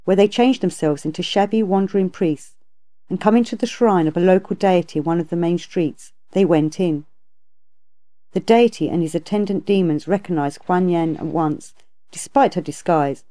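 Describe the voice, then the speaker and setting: A woman narrating a classic tale as an audiobook reader, in a steady, even reading. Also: fairly low pitch. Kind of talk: scripted storybook narration.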